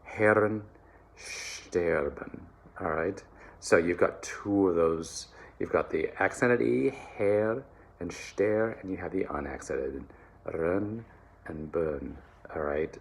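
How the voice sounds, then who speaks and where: A man teaching German pronunciation to singers, relaxed and encouraging, often checking in with "all right?" and slowly modeling words. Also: sits low. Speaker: choir diction coach. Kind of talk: German diction lesson for singers.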